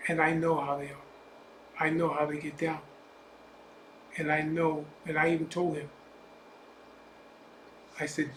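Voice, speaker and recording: A man's voice: fairly high pitch, monotone, measured pace, pauses often, a bit bright. A man telling a personal story in a blunt, profane, emphatic way, casual storytelling style as a biker vlogger. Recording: echoey room with faint ambient noise.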